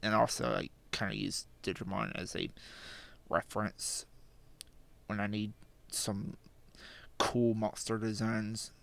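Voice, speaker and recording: A teenage boy narrating his drawing process into a desk microphone at an unhurried, drawn-out pace. He rambles, puts himself down, and scatters fillers and small laughs through his talk. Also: lowish voice, fairly even intonation, gravelly, fairly bright tone. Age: teens. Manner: rambling, self-deprecating, with frequent fillers and laughs. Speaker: channel host. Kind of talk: casual drawing vlog commentary.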